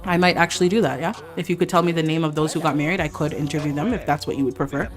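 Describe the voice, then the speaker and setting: A woman voicing a calm, formal male police officer who asks questions in a stiff, overly polite way. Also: low-pitched, racing, natural voice. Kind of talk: voicing game characters in a let's play.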